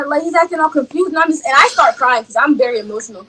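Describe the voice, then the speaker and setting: A woman's voice: high voice, fast, a bit bright, low-quality recording. A young woman telling a casual storytime, rambling and repeating herself as she acts out what people said. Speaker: storyteller in a clip.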